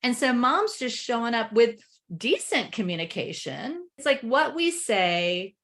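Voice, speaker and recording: Animated woman coaching on a webinar. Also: on the high side, unhurried. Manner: animated, laughs while explaining, acts out family dialogue. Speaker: parenting coach guest. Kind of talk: webinar conversation.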